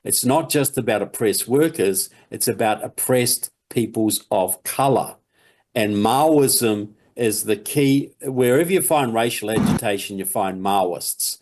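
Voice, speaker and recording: A man's voice: lowish voice, a little slow, a little mellow. A man speaking as a guest on a talk show, explaining his points earnestly. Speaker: guest commentator.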